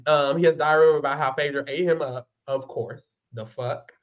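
A man's voice: fairly high pitch, steady tone, moderate pace, highs cut off. A man co-hosting a podcast, recapping a reality show in casual chat, blunt and profane with sassy asides. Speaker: podcast co-host.

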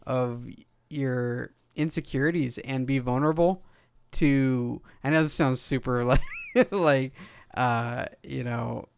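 A man's voice: medium pitch, takes it slowly, creaky, smooth. A man co-hosting a casual podcast chat about role-playing, reflective and hesitant with many fillers.

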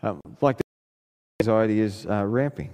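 A man's voice: moderate pace, a little mellow. Aussie preacher guy telling a story from the pulpit, earnest, voice ringing around a big hall. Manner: earnest storytelling, pitch climbing in emphatic passages. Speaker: pastor. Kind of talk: sermon with personal story. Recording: long hall reverb.

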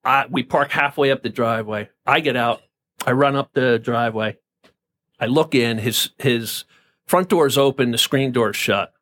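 A man's voice: mid-range voice, normal speed, a bit bright. A man from New Jersey telling a personal story as a podcast guest, intense and profane, often stammering and repeating words.

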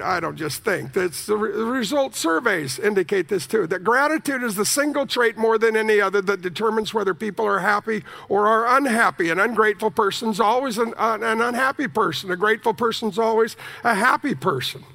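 A male preacher with a high, gravelly voice and a bright, sharp edge to his tone. He preaches with animated energy and jokes with the congregation. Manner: animated, jokey, sings snippets of hymns. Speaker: pastor. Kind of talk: sermon.

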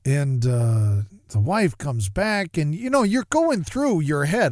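A man's voice: a little high, big pitch swings, a little slow, hardly any pauses, no room sound. A middle-aged man hosting a talk show, telling a personal story in a rambling, self-deprecating way, often stumbling over and repeating words.

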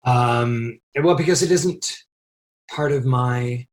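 A middle-aged man telling a crew anecdote in a casual interview, animated and quick to laugh. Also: medium pitch. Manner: animated storyteller, laughs often while telling. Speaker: film crew member telling a story.

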